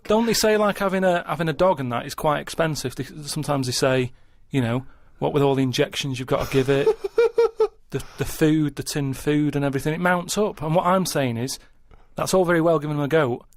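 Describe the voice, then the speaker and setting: A slightly high-voiced man lays out an odd argument step by step, pausing for agreement after nearly every thought. He sounds earnest and unhurried in a studio chat. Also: very animated, no echo. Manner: builds a point slowly, checking in with a repeated "right?". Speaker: comedy podcast regular. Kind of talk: rambling comic argument.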